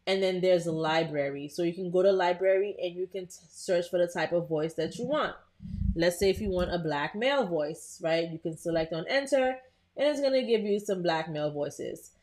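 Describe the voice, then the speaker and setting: A woman's voice: on the low side, moderate pace, a little mellow. Chatty woman hosting a live tutorial. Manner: chatty, talks to live viewers, frequent "um" and restarts. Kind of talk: casual live screen-share tutorial.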